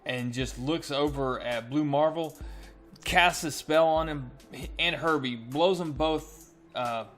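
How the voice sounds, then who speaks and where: A man's voice: on the high side, slow, fairly bright tone, soft background music. A man casually recapping a comic book's plot in a chatty, storytelling way, as a reviewer.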